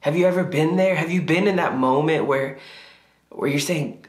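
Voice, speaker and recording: Earnest pastor in an echoey room. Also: male voice, a little high, fairly quick. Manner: earnest, confessional, voice rises when reenacting prayers. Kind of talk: sermon.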